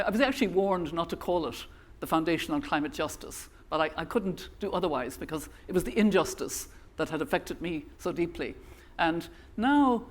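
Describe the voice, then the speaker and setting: Older Irish woman giving a keynote. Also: on the low side. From Ireland. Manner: measured, earnest, with small restarts. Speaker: keynote speaker. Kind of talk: conference keynote speech.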